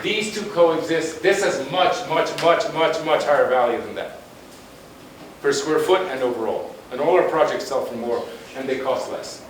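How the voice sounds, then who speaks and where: A man's voice: fairly high pitch, expressive, normal speed. A man giving a slide presentation on town planning, talking bluntly and conversationally with frequent restarts. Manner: emphatic and conversational, with blunt asides. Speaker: guest lecturer on urban planning. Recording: very echoey room, distant mic, faint noise.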